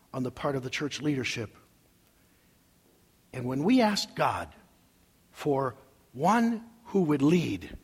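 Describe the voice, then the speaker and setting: Emotional pastor preaching in a reverberant hall. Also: male voice, a little high, slightly rough. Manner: emotional storytelling, swinging from soft asides to loud cries. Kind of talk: sermon. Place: large church sanctuary.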